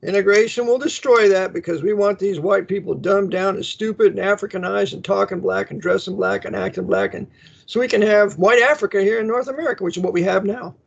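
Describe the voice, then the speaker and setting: Ranting high-voiced gravelly man, lo-fi. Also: expressive, fairly quick. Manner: combative, ranting, rhetorical questions. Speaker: host. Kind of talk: call-in radio talk. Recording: dull lo-fi sound.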